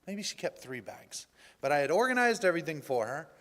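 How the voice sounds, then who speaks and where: A male pastor giving a personal testimony in a church, telling his story in an animated way and acting out the dialogue. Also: on the high side, fairly quick. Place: church sanctuary. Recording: reverberant church hall.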